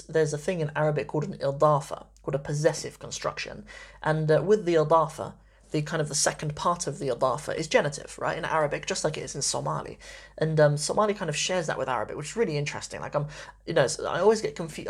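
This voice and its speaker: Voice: medium pitch, gravelly, slightly rough. A teacher giving a casual spoken grammar lesson, chatty and full of "right?" check-ins and small restarts. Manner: chatty, many fillers and "right?" tags. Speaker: language teacher.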